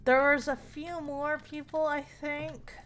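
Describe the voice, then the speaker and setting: Slow-talking young woman streamer, rambling. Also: high-pitched, little pitch movement, fairly bright tone. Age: young adult. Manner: rambling, searching for names, many fillers. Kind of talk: casual storytelling while gaming.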